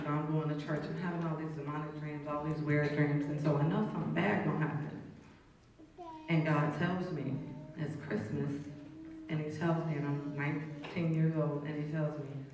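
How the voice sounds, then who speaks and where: A woman's voice: low-pitched, flat delivery, moderate pace. A woman giving a personal testimony in a church, retelling her story in a conversational, vivid way. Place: church sanctuary. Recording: echoey room, distant mic, audience.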